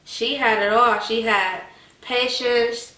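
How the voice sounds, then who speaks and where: A woman's voice: on the high side, takes it slowly, reverberant, far from the mic, poor audio. A woman, chatting animatedly to her viewers in a casual commentary. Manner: animated, addresses viewers as y'all. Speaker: vlogger.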